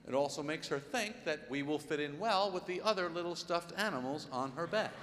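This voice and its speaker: A man performing a live stand-up routine in a large concert hall, with exasperated, incredulous observations and quick voice impressions. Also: a little high, a bit bright, slight background noise. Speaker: stand-up comedian. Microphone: soundboard feed from a stage mic. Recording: live hall board recording with faint reverb.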